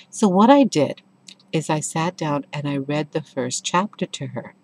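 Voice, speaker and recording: A middle-aged woman with a notably low, deep voice reviews a book in a relaxed, conversational way. She tells stories expressively and with clear enthusiasm. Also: normal speed. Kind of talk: casual spoken book review with anecdotes.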